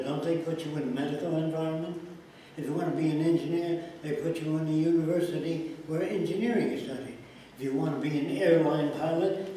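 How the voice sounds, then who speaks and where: Telling stories to make his points, this interviewee acts out the quoted dialogue of the characters involved. His voice is fairly high and mellow. The mic is distant in an echoey room, with faint ambience and a slight hiss or hum.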